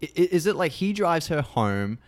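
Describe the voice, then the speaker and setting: A man's voice: on the high side, big pitch swings, normal speed. A man co-hosting a podcast, casually retelling a horror film scene by scene and swearing freely. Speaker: podcast co-host.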